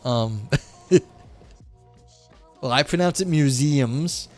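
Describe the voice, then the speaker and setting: A livestream host from the United States, south of New England, chats casually with viewers, responds to the chat, and reads a philosophy text aloud with plenty of fillers. His medium-pitched voice moves very slowly over soft background music.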